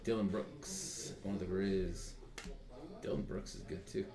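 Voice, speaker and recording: A man's voice: deep voice, fairly even intonation, measured pace. A man hosting a live card break, rattling off card names and joking with others. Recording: echoey room with crowd noise.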